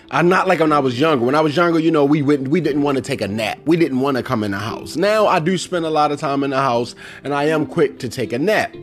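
A middle-aged man hosting a casual solo podcast, talking animatedly and acting out movie lines. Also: a little high. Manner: animated, quotes movie lines in put-on voices. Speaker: podcast host.

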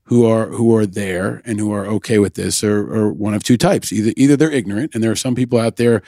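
Man, interviewer, measured, hesitant restarts, dry sound. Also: lowish voice, mellow, dry recording. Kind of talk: interview conversation.

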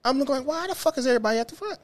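A man with a Detroit accent, a former bus driver hosting a podcast, telling wild stories in a loud, profane, animated way that drops to mutters. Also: very high voice, rapid-fire. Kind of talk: casual storytelling chat.

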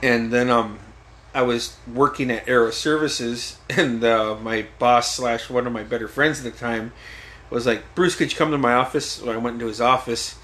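A man's voice: medium pitch, fairly even intonation, moderate pace, fairly bright tone. A man guest on a podcast, telling stories casually, swearing freely and laughing often. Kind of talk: casual storytelling.

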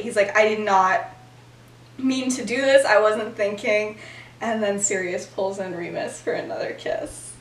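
A young woman casually retelling a story as a podcast host, giggly and animated, with lots of fillers. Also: medium pitch, normal speed, far from the mic. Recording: echoey room, voice off-mic.

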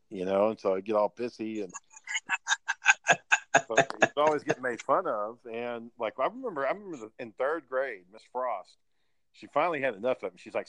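A man's voice: mid-range voice, lively intonation, fairly quick, dry recording, low-quality recording. A man telling a rambling story among friends, swearing often and restarting his sentences. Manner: rambling, profane, with many restarts. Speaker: storyteller in a casual chat. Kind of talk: casual profane chat among friends.

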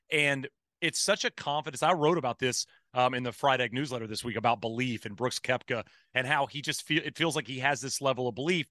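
A man's voice: mid-range voice, bright, forceful tone, no room sound, clean studio sound. A man hosting a golf podcast, asking long, rambling, thoughtful questions in casual chat. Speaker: podcast host.

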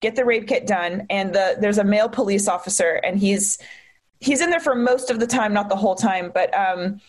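A young woman telling a personal story in conversation, candid and halting, with many fillers and restarts. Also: medium pitch. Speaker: guest.

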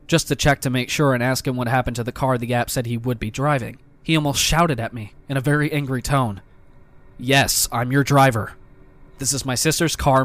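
A man giving scripted narration of reader stories in an even, measured delivery. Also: mid-range voice.

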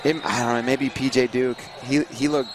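A man's voice: medium pitch, fairly even intonation, moderate pace, noisy background. A man co-hosting a podcast, chatting enthusiastically about young athletes. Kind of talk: casual podcast conversation.

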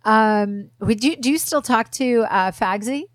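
A woman's voice: a little high, a little slow, no echo. A woman hosting a podcast, asking questions and backing her guest up with short, supportive replies. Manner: supportive, brief backchannel replies. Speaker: podcast host. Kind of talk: casual podcast chat.

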